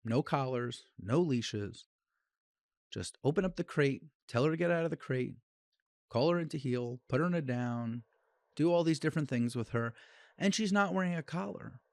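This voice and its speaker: A man of middle pitch speaks on a solo podcast as a dog trainer. His delivery is blunt and opinionated, coming in quick bursts with restarts. The recording is close and dry, with no room sound. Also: lively intonation, no echo.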